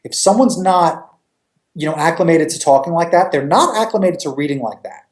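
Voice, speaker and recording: A man from New York, a comic creator, chatting in a casual interview with a joking, animated manner and free swearing. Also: fairly high pitch, a little fast, echoey room.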